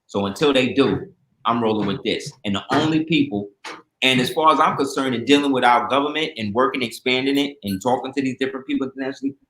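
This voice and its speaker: Male guest, animated storyteller, mid pitch, roomy echo. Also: fast talker. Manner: animated storyteller, acts out quoted voices. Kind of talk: casual storytelling talk.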